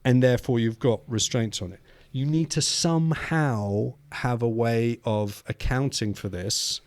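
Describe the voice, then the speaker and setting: A man's voice: medium pitch, measured pace, no room sound. A man from the UK, a podcast co-host, talking through ideas in casual discussion and reading quotes aloud. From United Kingdom. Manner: thoughtful, reads quotes aloud, frequent restarts.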